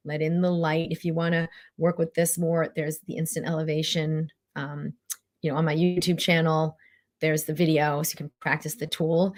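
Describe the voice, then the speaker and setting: A middle-aged woman talks in a casual, motivational way as a mind-body coach. Her voice sits a little low, and she often jumps up high to act out inner voices. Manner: animated, acts out inner voices in a high pitch.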